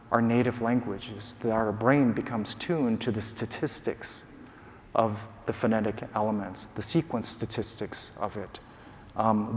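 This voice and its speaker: A man delivers a scientific lecture into a lectern mic. His voice sits low and steady, and each phrase rings out with the long reverb of a large conference hall. He explains patiently, pausing on ums and uhs as he lays out his findings. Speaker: neuroscientist giving a prize lecture. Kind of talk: academic lecture.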